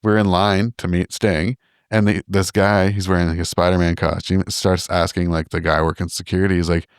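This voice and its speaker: A man's voice: deep voice, level tone, fairly quick, clear, resonant tone, dry recording, clean studio sound. A man co-hosting a casual podcast, swearing freely and acting out the people in his stories. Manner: swears freely, acts out voices in anecdotes. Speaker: podcast co-host. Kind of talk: casual chat, storytelling.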